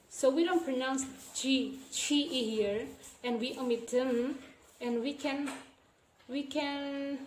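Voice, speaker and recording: A young woman presenting as a student, explaining slowly and repeating each phrase with care. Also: high-pitched, a little mellow. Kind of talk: slow classroom explanation. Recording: echoey room with faint ambient noise.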